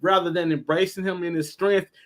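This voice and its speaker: A man, the guest host of a live stream panel, giving his opinions in an animated way and laughing often. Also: sits high, fairly quick.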